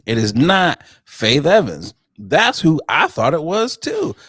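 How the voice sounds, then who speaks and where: A man's voice: slow pace, slightly rough, no room sound, clean studio sound. A man co-hosting a casual chat show, talking in a playful, loose and joking way. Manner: playful, loose and joking with lively swings in pitch. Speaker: podcast co-host.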